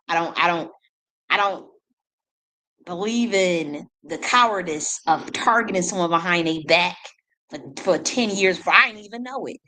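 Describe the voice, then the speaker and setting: A woman's voice: on the low side, a bit bright, poor audio. Profane ranting woman. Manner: blunt, profane, combative, rapid repetitions. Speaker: independent artist. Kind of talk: ranting monologue.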